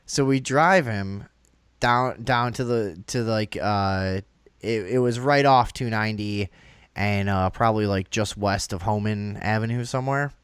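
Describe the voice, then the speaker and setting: A man's voice: lowish voice, unhurried, smooth, no echo. A young man, hosting a casual talk show, telling a rambling story with frequent laughs and swearing. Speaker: podcast host telling a story. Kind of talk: casual chat.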